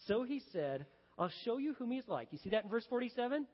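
A man preaching a sermon, telling folksy stories and swinging between loud, lively bursts and hushed, slow emphasis. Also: extremely high pitch. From Texas. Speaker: pastor. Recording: dull, echoey hall recording.

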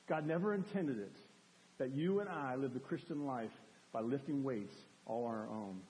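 A man preaching a sermon as a pastor, animated, acting out cries for help to make his point. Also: mid-range voice, moderate pace, slight background noise. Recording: long hall reverb.

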